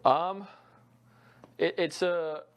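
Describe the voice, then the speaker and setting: A man's voice: on the high side, fairly even intonation, very slow. A young man, a college soccer head coach, giving earnest, reflective interview answers with frequent fillers.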